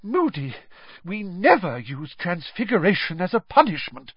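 A man's voice: sits high, wildly swooping pitch, moderate pace, no room sound, pitched above the performer's own voice, full character voice. A man voicing a stern, proper older female witch professor who speaks in a prim, indignant way. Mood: shocked, indignant. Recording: dull, dry close-mic recording.

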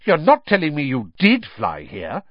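A man's voice: medium pitch, wildly swooping pitch, a little slow, husky, no room sound, dull audio, voice pushed up, full character voice. A man voicing a bossy, clever schoolgirl who scolds her friends in a storybook reading. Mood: scolding.

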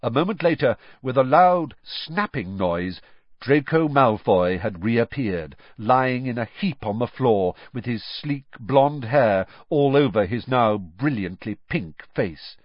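A male audiobook narrator telling a story in an expressive, animated way. His voice is husky and moves a lot in pitch, and the recording is dull and dry. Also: takes it slowly, dry recording.

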